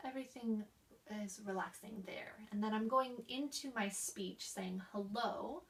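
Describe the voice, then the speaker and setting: A young woman explains voice exercises to a class, now and then showing them with a cough or a sigh. She speaks slowly, with a fairly high, gravelly voice. The mic sits a little way off. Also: distant mic. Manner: demonstrates exercises with coughs, sighs and slowed speech. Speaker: student presenter. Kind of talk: explaining voice therapy techniques.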